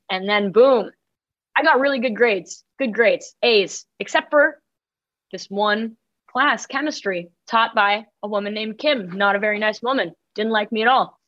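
A young woman from New York City, a guest musician on a podcast, telling animated stories and swearing casually. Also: medium pitch, muffled recording.

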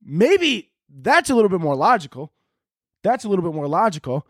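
A man's voice: sits high, big pitch swings, moderate pace, slightly rough, no echo, studio quality. A young man hosting a podcast, rambling sarcastically through a comedic monologue with frequent swearing. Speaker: podcast host.

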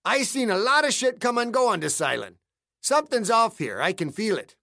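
A man voicing a gruff, weathered male islander who talks in a blunt, folksy way. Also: high voice, big pitch swings, fairly quick, sharp tone, dry recording, studio quality, pitched above the performer's own voice, heavily acted. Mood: uneasy.

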